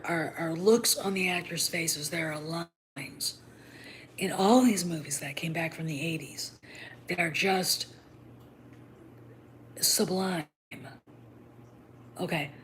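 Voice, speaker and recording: Blunt, animated woman host, low-pitched. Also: a little hiss or hum, poor audio. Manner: animated, blunt, swears freely, many fillers. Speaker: podcast host. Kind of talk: opinionated solo talk.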